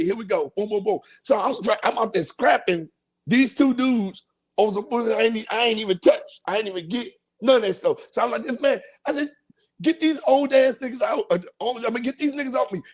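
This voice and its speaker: A man hosting a podcast, telling a profane comic story and acting out voices and sound effects. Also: high-pitched. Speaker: podcast host.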